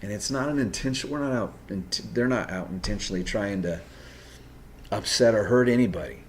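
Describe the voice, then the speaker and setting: Low-voiced male host, unscripted and direct, earnest advice with halting restarts; slight background noise. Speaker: video host giving personality-type advice.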